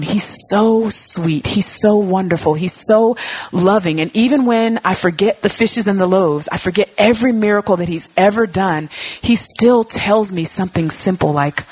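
A woman preaching a heartfelt sermon in a church, animated, acting out her own words and God's replies. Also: on the low side, husky, dry recording. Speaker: pastor.

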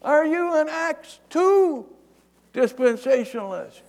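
Guy doing a high yelling pushy baptist pastor, joke voice, gravelly. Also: lively intonation, slow, heavily acted. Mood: eager yelling. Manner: yelling, eager interrogating. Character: zealous male Baptist pastor yelling upward.

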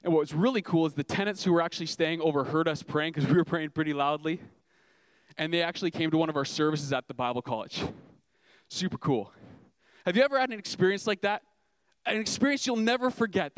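A man's voice: a little high, brisk, dry recording. A young man preaching a sermon as a youth pastor, earnest and emphatic, asking the congregation rhetorical questions.

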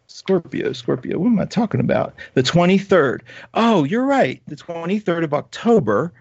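A man hosting a live astrology talk show, reading viewer comments in an animated, chatty way and laughing often. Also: a little high, normal speed, vocal fry, breathy edge, dry recording, dull audio.

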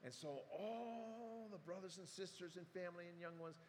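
A male pastor delivers a sermon, retelling the story animatedly and acting out the quotes. His voice sits fairly high for a man. The sound carries a long hall reverb over a faint room hum. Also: normal speed.

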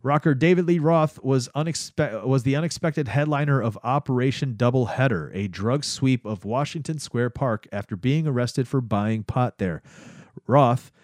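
A man's voice: mid-range voice, normal speed, a little mellow, no room sound, studio quality. A man hosting a casual history-of-the-day podcast, rambling with many fillers and restarts. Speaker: podcast host.

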